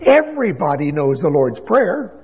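A man's voice: a little high, sing-song, moderate pace, slightly rough, heavily acted. A man voicing a nervous, insistent male team chaplain who protests in an agitated way. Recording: dull lo-fi sound with long hall reverb.

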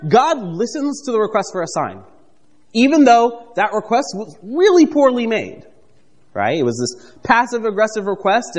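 A man preaching a conversational, animated sermon, reading scripture and acting out the characters with playful asides. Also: sits high, big-room sound. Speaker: pastor.

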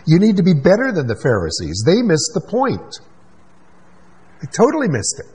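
Male pastor, husky voice, emphatic sermon delivery with quick asides. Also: on the high side, huge pitch swings, a little mellow, rough recording.

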